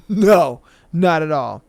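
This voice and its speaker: A man hosts a podcast with a slow, unhurried pace. He chats casually and reads listener stories aloud. His slang-heavy delivery is recorded dry and close to the mic, with no room sound. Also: a little high, lively intonation, creaky, darkish tone, no room sound. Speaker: podcast host.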